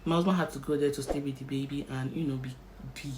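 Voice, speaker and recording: Speaking fast in a bass voice, a young Nigerian woman vlogger acts out scenes from an emotional personal story with lively vividness. The recording is rough, with slight background noise.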